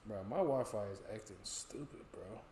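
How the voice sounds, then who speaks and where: A man's voice: on the low side, normal speed, darkish tone, a little hiss or hum. A young American man chatting casually and jokingly with viewers on a live stream, swearing freely as he goes. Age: young adult. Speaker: stream co-host. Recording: roomy echo.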